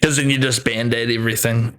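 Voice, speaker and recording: A young man chats as a guest in a relaxed, amused way. His voice sits at an ordinary mid pitch. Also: fast talker. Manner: relaxed, laughing, easygoing storyteller. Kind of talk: casual chat.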